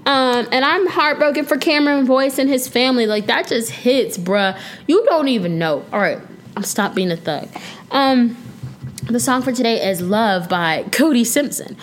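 A young woman hosts a casual solo podcast, chatting playfully in slang and occasionally bursting into song. Her voice is a little high, with lively intonation and a moderate pace. There's a slight hiss or hum on the recording.

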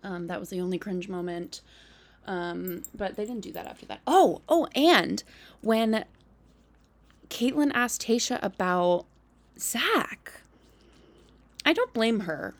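Young woman podcast host, casual chatty recap, heavy vocal fry. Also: medium pitch, measured pace. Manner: chatty, lots of "like" and "um", animated asides. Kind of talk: casual solo recap chat.

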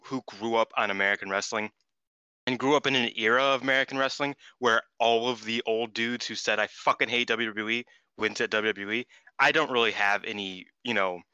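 A man co-hosting a casual podcast chat, excitable and profane, talking with lots of restarts and fillers. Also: fairly low pitch, clear, resonant tone, dry recording. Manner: excitable, swears freely, many restarts. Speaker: podcast co-host.

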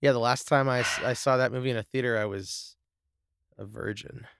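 A man's voice: medium pitch, steady tone, fairly quick, vocal fry, fairly bright tone, smooth. A man co-hosting a podcast in casual chat, joking around, riffing on silly bits and laughing. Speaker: podcast co-host.

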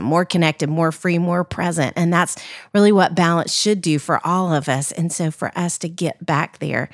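A woman co-hosting a podcast in a reflective, encouraging tone. Her voice sits somewhat low with a lot of vocal fry. The sound is close and dry. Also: no room sound. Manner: reflective, encouraging, uses inclusive "we". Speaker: podcast co-host. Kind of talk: casual reflective podcast talk.

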